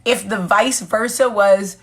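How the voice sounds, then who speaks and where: A woman's voice: medium pitch, steady tone, slow, breathy edge. A woman in her forties hosting a casual live chat with viewers, joking candidly and answering their comments. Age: 40s. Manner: candid, joking and chatty, reading comments aloud. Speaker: vlog host.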